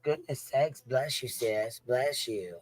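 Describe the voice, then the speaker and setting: A man's voice: medium pitch, slow pace, dry recording. A man hosting a casual livestream, laughing often and swearing freely as he reads chat. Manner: profane, laughing, banter with chat. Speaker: livestream host.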